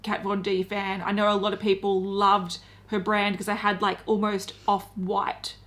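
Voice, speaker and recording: A woman's voice: medium pitch, flat delivery, moderate pace, fairly bright tone. A woman co-hosting a beauty news show, running through product details in a casual, conversational way. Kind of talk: casual chat.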